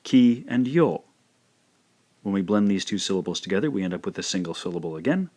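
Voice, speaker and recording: Slow, careful man teaching a lesson. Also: sits low, animated, a little mellow. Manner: slow, careful, repeats each sound. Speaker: language teacher. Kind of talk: scripted lesson narration.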